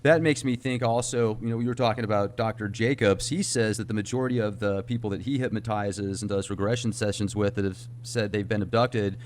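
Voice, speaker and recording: Enthusiastic low-voiced male host. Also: fairly even intonation, a little fast, hardly any pauses. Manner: enthusiastic, laughs often. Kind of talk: casual interview chat.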